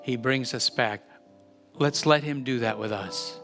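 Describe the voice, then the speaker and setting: Earnest bright-voiced male pastor preaching. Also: mid-range voice, a little slow, faint music behind. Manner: earnest, repeats words when building emphasis. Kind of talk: sermon with closing prayer.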